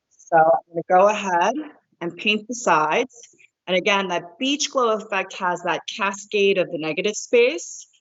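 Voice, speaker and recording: A woman, an American hair colorist, calmly walks through each step of painting hair during a live demonstration. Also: lowish voice. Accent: American, sometimes Northeastern. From born in Korea, raised in New Jersey. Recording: dull lo-fi livestream audio.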